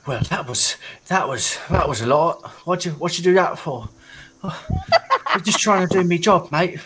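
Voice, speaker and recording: A man's voice: a little high, lively intonation, moderate pace, fairly bright tone, breathy edge, exaggerated voice. A man voicing a shifty, crude male goblin who talks in cockney-style slang and bargains for his freedom. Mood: grumbling. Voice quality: cockney-style slang, bloke-ish mumble.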